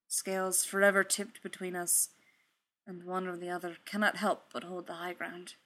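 A woman reading aloud, voicing a grave, proud male warrior god who speaks in a formal, old-fashioned way, low and quiet. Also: flat delivery, normal speed, lightly acted. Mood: sorrowful.

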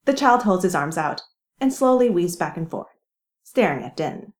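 A woman reading a fan story aloud with lively, wry storytelling. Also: on the low side, normal speed. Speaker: reader. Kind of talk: fan fiction narration.

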